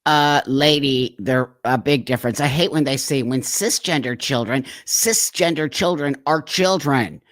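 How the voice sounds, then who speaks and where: A man's voice: mid-range voice, a little slow, few pauses, fairly bright tone, no echo. Guy ranting at a clip, emphatic, repeats himself, pretty dry sound. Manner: emphatic, repeats points, gets heated. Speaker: host reacting to a clip. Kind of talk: reaction commentary.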